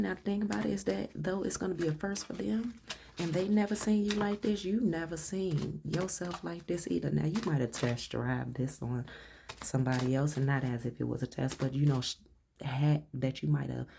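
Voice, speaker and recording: A woman giving a casual tarot card reading, blunt and slangy, who swears freely and sometimes swings playfully into a higher voice. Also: vocal fry, mellow, a little hiss or hum. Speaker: tarot reader.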